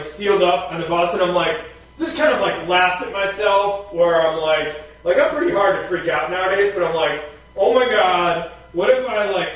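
A man's voice: high voice, a bit bright. A man hosting a radio show, chatting in a rambling, wry way with many fillers. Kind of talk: casual radio chat. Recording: very echoey, far from the mic.

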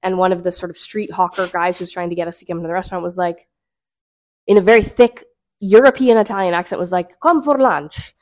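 A woman co-hosting a casual chat, telling stories in a quick, animated way and laughing often. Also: on the low side. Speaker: co-host.

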